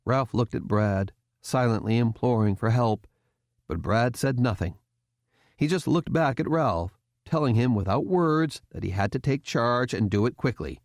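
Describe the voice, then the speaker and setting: Speaking in a mid-range voice, a man narrates a scripted audiobook with even, measured storytelling. The recording is dry, with clean studio sound.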